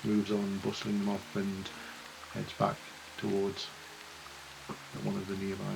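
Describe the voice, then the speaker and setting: A man's voice: lowish voice, monotone, unhurried, vocal fry. A man narrating a tabletop game in a rambling, hedging way. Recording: dull lo-fi mic with hiss.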